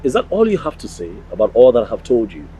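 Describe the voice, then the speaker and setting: An actor with a Nigerian accent playing an earnest older prince who complains with indignation. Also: male voice, mid-range voice, huge pitch swings, fast talker, mellow, a little hiss or hum, poor audio. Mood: indignant. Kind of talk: film drama acting.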